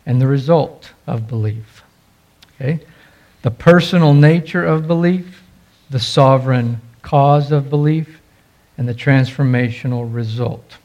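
A man's voice: mid-range voice, dull audio. A man preaching a sermon as pastor, stressing key phrases emphatically.

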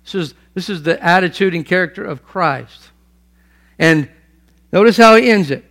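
A man preaching a sermon, emphatic, swinging between loud stresses and hushed asides and repeating phrases for weight. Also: high voice, lively intonation, moderate pace. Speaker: pastor.

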